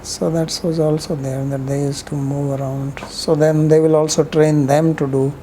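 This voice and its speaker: Low, mellow-voiced woman lecturing. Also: little pitch movement, normal speed, slight background noise, low-quality recording. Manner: rambling, conversational, frequent "you know" asides. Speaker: scripture lecturer. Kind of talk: storytelling lecture on scripture.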